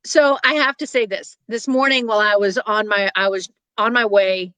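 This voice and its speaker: Bright-voiced Southern woman host. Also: medium pitch, fairly even intonation, normal speed, smooth, no room sound, rough recording. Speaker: show host. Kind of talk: casual chat.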